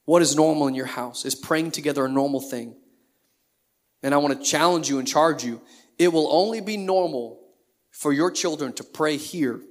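Slightly high-voiced male pastor preaching casually. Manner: conversational preaching with rhetorical questions. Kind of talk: sermon.

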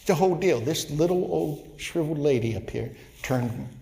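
A man, a pastor, telling a folksy story in a sermon, growing animated and loud at its climax. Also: on the high side, normal speed, gravelly, big-room sound. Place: church sanctuary.

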